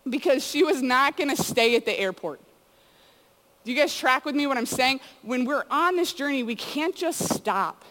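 A woman's voice: fairly high pitch, fairly bright tone. A woman giving a casual sermon to students, telling stories in a chatty way full of "like" and "you know". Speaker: youth speaker. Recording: long hall reverb.

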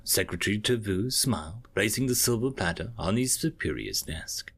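A man reading a science fiction story aloud with expressive, measured narration. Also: on the low side, husky.

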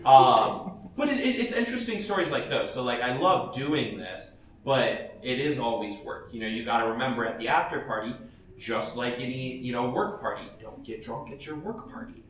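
A man's voice: mid-range voice, lively intonation, fairly quick, a little hiss or hum. A man giving blunt, chatty advice to an audience as a professional cosplayer, laughing often and restarting his sentences. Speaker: professional cosplayer speaking at a panel. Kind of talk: casual advice talk to an audience. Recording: echoey hall, voice from far off, faint ambience.

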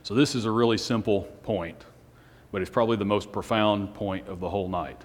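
Man, preacher, casual sermon, conversational, slightly low voice, reverberant hall. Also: fairly even intonation, a little fast. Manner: conversational, asks the room questions, chuckles. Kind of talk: sermon to a small group.

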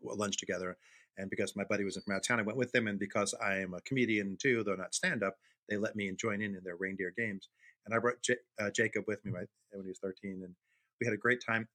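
A man's voice: on the low side, a bit bright. A middle-aged man from Brooklyn co-hosting a podcast in casual chat, telling anecdotes and acting out the voices in them. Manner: storyteller, acts out voices in anecdotes. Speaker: podcast co-host.

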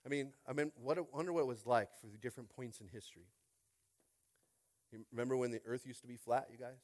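A man preaching a sermon in an animated way, tossing out call-and-response asides and swinging from loud to hushed. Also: mid-range voice, fast. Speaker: pastor.

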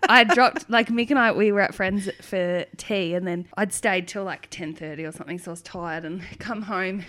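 A woman's voice: mid-range voice, moderate pace. A pregnant woman co-hosting a casual chat, swearing and laughing as she tells stories. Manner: swearing, laughing, animated storyteller. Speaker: podcast co-host.

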